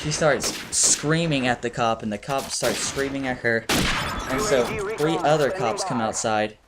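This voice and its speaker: A man's voice: mid-range voice, a little slow, over a noisy crowd. A man casually telling a story over gameplay, rambling with lots of fillers and swearing. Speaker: gaming video storyteller. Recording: loud game gunfire behind. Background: video game gunfire.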